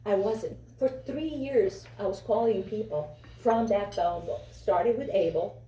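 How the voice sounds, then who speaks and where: A woman's voice: medium pitch, measured pace, warm tone, slight background noise. A woman from Europe with a foreign accent, giving an impassioned, repetitive campaign speech at a fundraiser. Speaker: political candidate. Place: fundraiser venue. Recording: echoey room from far off.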